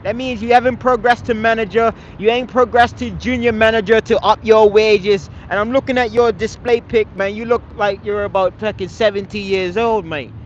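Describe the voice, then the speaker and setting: High-voiced man scolding a stream chat. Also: fairly even intonation, moderate pace, hardly any pauses, lo-fi sound, a little hiss or hum. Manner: confrontational, scolding, swears often; repeats phrases, tags lines with "man". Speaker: livestreamer answering chat. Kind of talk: live stream chat rant.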